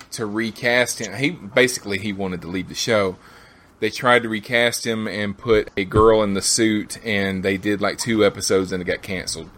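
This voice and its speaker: A man's voice: on the low side, a bit bright. A man hosting a podcast, chatting casually and rambling through a retelling. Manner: rambling, loose retelling with fillers. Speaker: podcast host. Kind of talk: casual chat.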